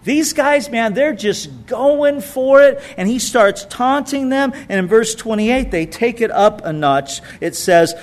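A man preaching a sermon, reading scripture aloud and adding expressive asides. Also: very high-pitched, a little slow, hardly any pauses. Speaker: pastor.

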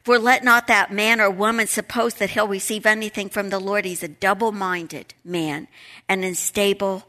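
A middle-aged woman teaching a Bible study lesson, reading scripture and praying, emphatic and animated, repeating key words. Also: medium pitch, moderate pace.

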